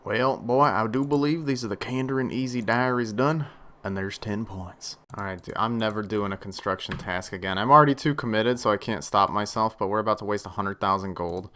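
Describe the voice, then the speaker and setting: A young man casually commenting on his own gameplay, chatty, dropping into low mutters and then bursting out excitedly. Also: a little fast. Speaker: gaming channel host.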